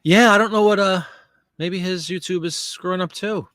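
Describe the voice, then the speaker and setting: A man's voice: sits high, fairly even intonation, moderate pace, a bit bright, no echo, clean studio sound. A man hosting a live listing stream, chatting casually and answering viewer comments while he works. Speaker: live stream host listing items for sale.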